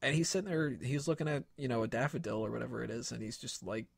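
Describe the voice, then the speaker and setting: A man's voice: mid-range voice, fast, gravelly, breathy edge, dry recording. A man hosting a casual movie-review podcast, retelling scenes animatedly with a lot of swearing. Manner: animated retelling with profanity and impressions. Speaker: podcast host.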